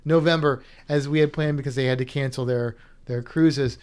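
A man's voice: medium pitch, steady tone, moderate pace, a little mellow, clean tone. A man co-hosting a podcast in casual chat, rambling and restarting his sentences as he reads listener comments. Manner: chatty, rambling with many restarts. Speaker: podcast co-host.

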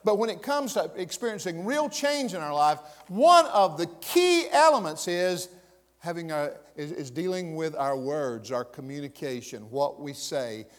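Southern pastor, middle-aged man, folksy and emphatic sermon, slightly high pitch. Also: lively intonation, measured pace, long reverb tail. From American South. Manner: folksy, emphatic, rising to loud peaks.

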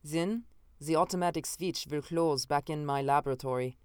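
A man's voice: high-pitched, extremely slow, dark tone, clean tone, no room sound. A narrator voicing a frantic male time-traveling inventor who pleads, then turns mocking. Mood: panicked.

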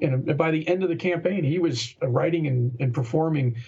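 A man with a raspy voice chatting earnestly on a podcast, rambling with many restarts. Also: a little high, a little fast, few pauses, warm tone, highs cut off. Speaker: guest game master. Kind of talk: casual podcast conversation.

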